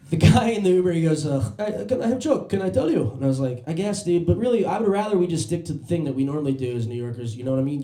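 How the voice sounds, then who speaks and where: Male stand-up comic on a club stage, lively storyteller who does voices, mellow tone. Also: a little high, reverberant. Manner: animated storytelling with voiced impressions. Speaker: stand-up comedian. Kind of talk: stand-up comedy set.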